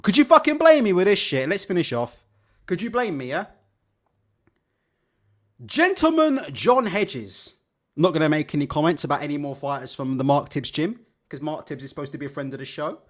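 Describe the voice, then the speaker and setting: A man's voice: fairly high pitch, normal speed. Sarcastic man ranting about boxing. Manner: profane, sarcastic, animated. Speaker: boxing show host. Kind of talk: live-stream rant.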